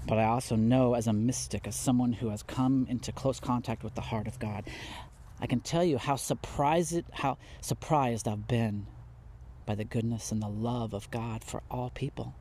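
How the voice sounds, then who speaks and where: A middle-aged man preaching a heartfelt sermon, pleading and impassioned, swinging from soft to loud and close to tears. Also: medium pitch, steady tone, normal speed, a little hiss or hum. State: near tears.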